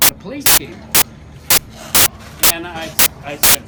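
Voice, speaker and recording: A man's voice: a little high, measured pace, long pauses, far from the mic, rough recording. A man telling a story to friends in a casual, profane way, acting out what people said. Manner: animated, profane, acts out quotes. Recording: loud background noise.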